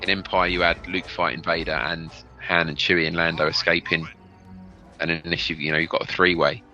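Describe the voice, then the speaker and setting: A man with a low voice co-hosts a casual movie commentary, rattling off behind-the-scenes trivia. The film's score plays clearly behind him. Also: little pitch movement, a little fast, sharp tone, lo-fi sound, faint music behind. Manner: chatty, trivia-filled. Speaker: podcast co-host. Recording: film soundtrack playing behind.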